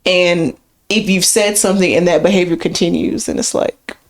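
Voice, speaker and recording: A woman's voice: fairly low pitch, steady tone, moderate pace. A woman co-hosting a podcast, talking through points in a casual, explaining way with frequent fillers. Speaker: podcast co-host. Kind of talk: casual conversational podcast chat.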